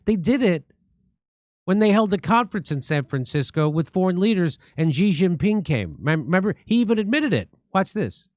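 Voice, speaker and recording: Man, livestream host, sarcastic, profane, indignant, slightly high voice, dry close sound. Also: very animated, normal speed, darkish tone, no room sound. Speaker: show host. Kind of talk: political commentary on a livestream.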